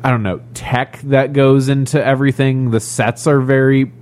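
A man with a mid-range voice, hosting a casual podcast chat. He talks in an animated way and steers the conversation toward what comes next. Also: medium pitch, normal speed. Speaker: podcast co-host.

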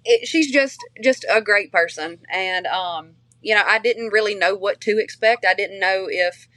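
A woman talks casually in an interview, her strong regional accent coloring every word. She rambles warmly with fillers and false starts at a mid pitch. The sound is close and dry. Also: measured pace, no echo. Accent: strong regional accent she shares with her family. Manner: chatty, many fillers and restarts, laughs easily. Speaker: interview guest, country singer.

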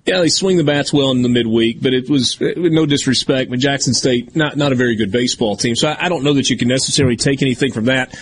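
A man hosting a sports talk radio show, chatting casually and tossing in quick asides. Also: medium pitch, a little hiss or hum.

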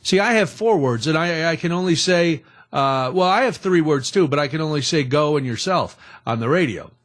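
A middle-aged man hosts a talk radio show from a studio mic. His voice sits a little high for a man. He rambles along in a chatty, self-deprecating way. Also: lively intonation, normal speed. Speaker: radio host.

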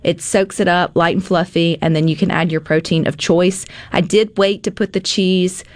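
A woman hosting a casual cooking segment, chatty and animated, with frequent filler words. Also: on the low side, normal speed, no echo. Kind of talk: casual cooking demo chat.

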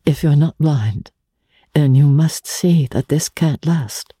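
An audiobook reader voicing a young man pleading urgently with the woman he loves, in a mellow, husky tone. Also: mid-range voice, slow, no room sound, studio quality. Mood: earnest. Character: young man, torn and ardent in love. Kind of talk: audiobook character reading.

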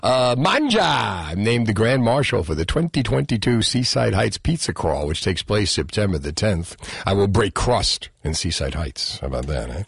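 A man hosting a radio talk show from New Jersey, bantering in a jokey, animated way with his co-host. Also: lowish voice, normal speed, creaky, hardly any pauses, slightly rough, no room sound, clean studio sound. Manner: jokey, animated, frequent laughs. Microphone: studio microphone.

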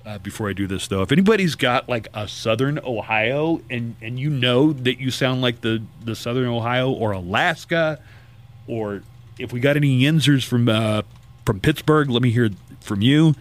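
A man hosts a radio talk show in a loose, rambling way, talking into a studio microphone. His voice sits at an ordinary middle pitch. He chats casually and strays from point to point. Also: expressive, normal speed. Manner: chatty, rambling, gives out call-in number.

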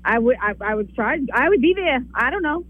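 A woman's voice: high-pitched, animated, a little fast, phone-quality sound, soft background music. A woman co-hosting a morning radio show, joking playfully in casual banter. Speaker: radio co-host.

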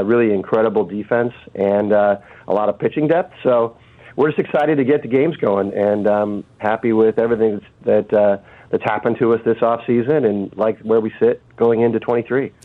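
A man calling in as a guest on a radio show, speaking haltingly with many fillers and restarts over a phone line. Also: lowish voice.

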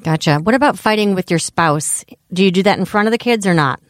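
A woman's voice: mid-range voice, fairly quick, no room sound, studio quality. A woman cohosting a parenting podcast, asking questions in a casual, somewhat hesitant way. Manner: hesitant, with fillers and restarts when asking.

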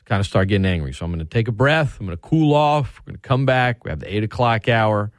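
A man hosting sports talk radio from a studio, ranting with heated sarcasm and sharp emphasis. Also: on the low side, animated, fast, no echo.

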